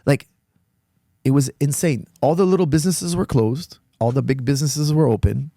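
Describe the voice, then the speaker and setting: A man from Canada, a coach and gym owner, telling a story in casual conversation, emphatic and building to sudden high-pitched outrage. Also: normal speed, dark tone, no room sound, clean studio sound. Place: podcast studio.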